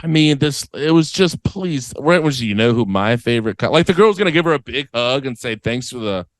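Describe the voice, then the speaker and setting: A man's voice: medium pitch, a little fast, no room sound, rough recording. A man co-hosting a comedy podcast, telling a story in casual chat and acting out the people in it. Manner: animated storyteller acting out other people's voices. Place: podcast studio.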